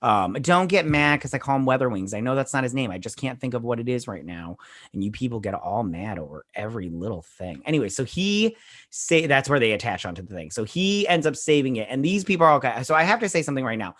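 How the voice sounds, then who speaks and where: A man's voice: medium pitch, very animated, fast talker, fairly bright tone. A man hosting a casual episode recap, rambling with lots of fillers and blunt opinions. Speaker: show host reviewing a TV episode.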